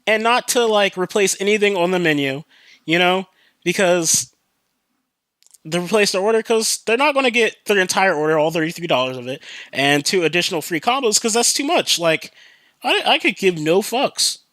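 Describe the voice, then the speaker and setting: A young man hosts a podcast, telling a story in a loose, profane, rambling monologue full of fillers, though he turns earnest on serious topics. His voice is high-pitched, animated, and fairly bright at a moderate pace, with no echo.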